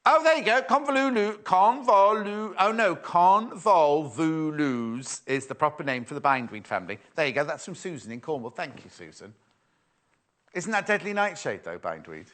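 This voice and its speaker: A man's voice: on the high side, sing-song, normal speed, a bit bright. A man presenting a live sewing shopping show, chatty and playful as he reads out viewer messages. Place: TV studio.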